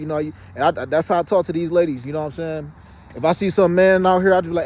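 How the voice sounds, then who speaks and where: Fast-talking man, outdoors. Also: fairly high pitch, darkish tone. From Detroit, Michigan. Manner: rapid and insistent, often says "you know what I'm saying". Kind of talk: casual monologue to camera. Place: outdoors by a fenced exercise area.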